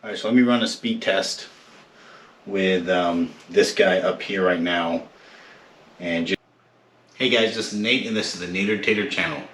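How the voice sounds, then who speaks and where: Low-voiced man unboxing tech. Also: normal speed, long pauses, roomy sound. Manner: relaxed, many fillers and restarts. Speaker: tech channel host. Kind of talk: casual product unboxing. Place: home room.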